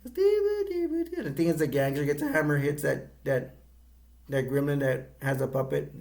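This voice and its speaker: A middle-aged man giving a casual, rambling movie review, halting often and restarting his sentences. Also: medium pitch, flat delivery, gravelly, a little mellow.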